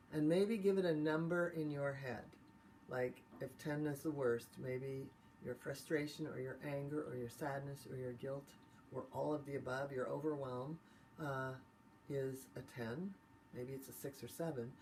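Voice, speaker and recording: A woman as a tapping instructor, calmly leading listeners step by step through a guided tapping exercise. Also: a bass voice, slight background noise. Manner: calm step-by-step guidance.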